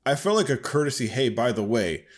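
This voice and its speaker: A man's voice: medium pitch, big pitch swings, fairly quick. A man in his thirties, a podcast co-host, telling a story in casual chat and laughing often.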